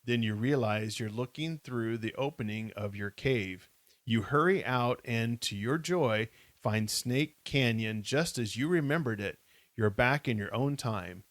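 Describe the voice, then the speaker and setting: Guy reading a kids adventure book on a podcast, steady and wry, medium voice, dry close mic. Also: medium pitch, unhurried, no room sound. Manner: steady reader, wry comments. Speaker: podcast co-host. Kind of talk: casual live book reading.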